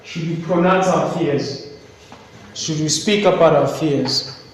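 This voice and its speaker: Casual: guy teaching english lit, bit high pitched, reads bits out then asks the class stuff, echoey classroom. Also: takes it slowly. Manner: reads passages aloud, then questions the class. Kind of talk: classroom literature lesson. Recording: echoey classroom, faint hiss.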